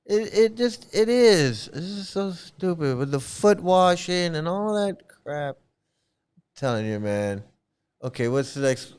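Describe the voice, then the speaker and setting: A man talks through a casual commentary rant, blunt, exasperated and a little profane, circling back to the same points. His voice rings very smooth and resonant, sitting fairly high for a man. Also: animated, takes it slowly. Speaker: commentary channel host.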